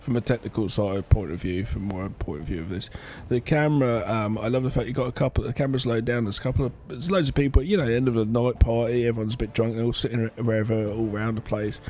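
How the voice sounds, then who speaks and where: A man's voice: medium pitch, fast, mellow, slight background noise. A man co-hosting a podcast, talking casually and with enthusiasm about a film, swearing freely. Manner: enthusiastic, swears, rambling restarts. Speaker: podcast co-host. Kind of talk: casual film review chat.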